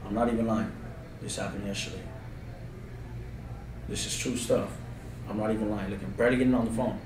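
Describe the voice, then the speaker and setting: A man, telling a true story to an interviewer in an earnest, insistent way with street slang, swinging from loud bursts to low mutters. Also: steady tone, fairly quick. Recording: roomy, distant recording with faint background noise.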